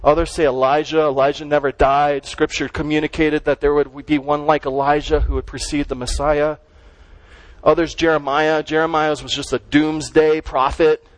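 Pastor, male, slightly high pitch, dry close-miked sermon; conversational, punchy, asks the crowd questions. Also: level tone, normal speed, dry recording, poor audio. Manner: conversational, emphatic preaching with rhetorical questions.

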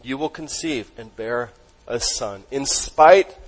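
A man's voice: mid-range voice, slow pace, low-quality recording. Emphatic man preaching a sermon. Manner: emphatic, quizzes the congregation. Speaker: pastor.

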